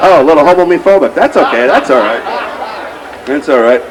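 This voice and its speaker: A man's voice: a little high, animated, brisk. A man in his thirties doing a rambling, self-mocking stand-up set and emceeing from an outdoor stage. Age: 30s. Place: outdoor street fair stage. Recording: noisy outdoor crowd recording. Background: crowd noise.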